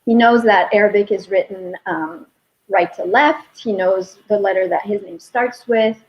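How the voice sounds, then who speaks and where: Woman, interview guest, animated anecdotes, quotes dialogue, dull recording. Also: mid-range voice, normal speed. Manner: animated storytelling, quoting her son. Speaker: linguistics professor, interview guest. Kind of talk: casual interview talk.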